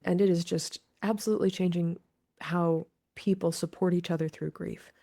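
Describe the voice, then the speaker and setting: A grief expert and author who works with grieving people speaks earnestly as a guest in a conversational interview. Her lowish, dark voice moves at a moderate pace with fairly even intonation, and she explains her ideas through quoted examples.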